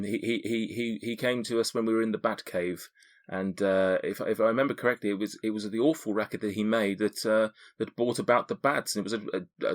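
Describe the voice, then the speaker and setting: A man's voice: fairly low pitch, lightly acted. A man voicing a timid young male tiefling in a tabletop game who stammers nervously.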